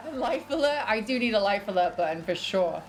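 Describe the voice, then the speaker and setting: A young British woman, her accent softened by years in America, chatting casually on a livestream and reading out her chat. She giggles a lot, swears freely and coos at her dog. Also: medium pitch, animated, a little fast, faint music behind. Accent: British, partly American after years in the US. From Britain.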